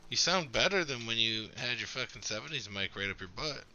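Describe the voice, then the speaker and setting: A man's voice: mid-range voice, animated, a little fast, bright, forceful tone, slight background noise. A man streaming a game, chatting casually and swearing freely as he explains his setup at length. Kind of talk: casual gameplay chat.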